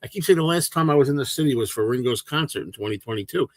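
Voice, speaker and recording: Older male livestream host, meandering and chatty, average pitch. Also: expressive, rapid-fire, no echo. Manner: rambling, with frequent restarts and fillers. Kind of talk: casual chat, answering viewer questions.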